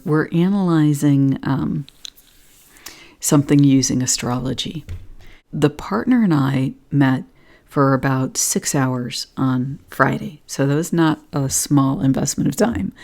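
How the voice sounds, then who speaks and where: Low, mellow-voiced woman. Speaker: spiritual vlogger. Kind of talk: spiritual talk and personal storytelling.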